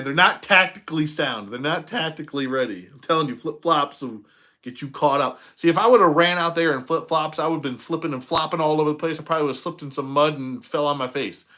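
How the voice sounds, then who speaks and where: A man's voice: fairly high pitch, sharp tone. Guy vlogging an unboxing at home, rambling storyteller, laughs a lot. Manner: rambling storyteller, laughs often, drawn-out pauses. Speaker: toy collector reviewer. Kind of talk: casual unboxing chat. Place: home room.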